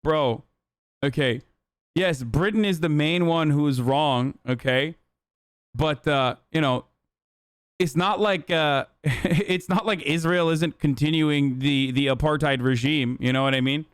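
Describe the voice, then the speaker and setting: A young man doing live stream commentary, blunt and profane, talking fast, on a close streaming microphone. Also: fairly high pitch, clear, resonant tone, dry recording.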